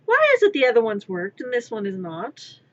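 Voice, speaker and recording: A woman streams live from her room while working on a craft, talking to herself and half-whispering pleas at her work. Her voice is on the high side with wildly swooping pitch and a slightly fast pace, and the sound is lo-fi.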